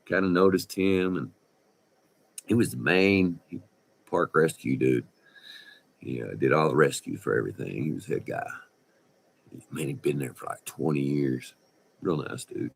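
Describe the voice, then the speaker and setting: A man, telling a rambling, profane story in a folksy, animated way. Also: extremely low pitch, a little slow, vocal fry, long pauses, slightly rough. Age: 60s. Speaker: vlogger. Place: indoors by a window.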